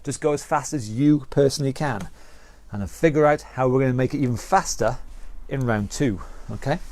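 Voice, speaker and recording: A man's voice: mid-range voice, brisk, darkish tone. A man with a British accent leading an online exercise class, counting down rounds and calling out moves with encouragement. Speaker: fitness instructor.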